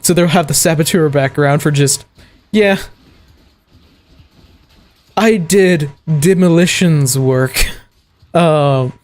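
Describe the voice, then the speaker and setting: A man from the American South streams a video game and chats loosely, rambling between moves with plenty of fillers and laughs. His voice sits a little high for a man. Faint game music plays behind him. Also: darkish tone. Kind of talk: casual gameplay chat.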